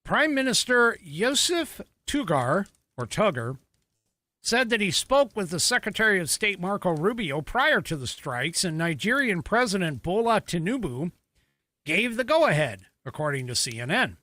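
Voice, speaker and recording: Lively, bright-voiced male commentary host. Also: high-pitched, normal speed, no echo. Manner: conversational, with frequent fillers and self-corrections. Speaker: podcast host. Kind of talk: casual political commentary.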